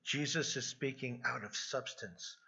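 Bright, husky-voiced man preaching. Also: mid-range voice, measured pace. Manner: earnest, repeats words when emphasizing. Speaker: pastor. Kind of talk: expository sermon. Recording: dull lo-fi sound.

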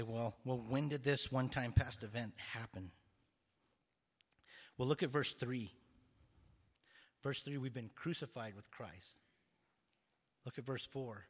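A man's voice: mid-range voice, breathy edge. A man preaching an earnest expository sermon, now and then repeating words as he restarts a phrase. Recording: long hall reverb.

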